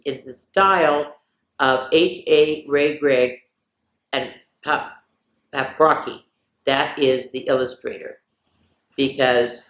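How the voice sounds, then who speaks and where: A woman hosting a children's story time, reading picture books and jokes aloud in an animated, sing-song storyteller voice. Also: low voice. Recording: roomy echo.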